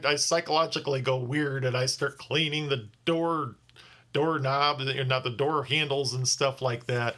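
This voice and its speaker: A man's voice: mid-range voice, fairly even intonation, normal speed, pushed and bright. A tired man telling a casual vlog story as a rideshare driver, rambling and often restarting his sentences. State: tired from little sleep.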